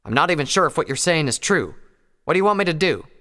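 A man's voice: a little high, expressive, quick pace, pushed and bright, pitched above the performer's own voice. A man voicing a stubborn country farm pony mare with a plain-spoken drawl, read as a storybook. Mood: angry. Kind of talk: fan fiction audiobook reading. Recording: long hall reverb.

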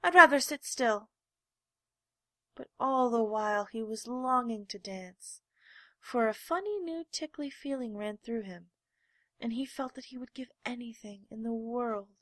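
Woman reading a storybook gently. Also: fairly high pitch, normal speed, dry recording. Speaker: narrator.

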